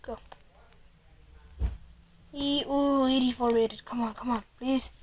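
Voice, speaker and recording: High-pitched woman doing casual game commentary at home, hyped up, cursing, teasing her friend. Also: slow pace, slight background noise, poor audio. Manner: excitable, swears a lot, teases the other player. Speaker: player and commentator. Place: room at home, Android phone game.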